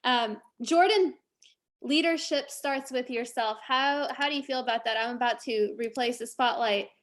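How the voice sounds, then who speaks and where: A woman's voice: fairly high pitch, moderate pace. A woman hosting a casual team meeting over a video call, enthusiastic and gushing. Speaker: meeting host.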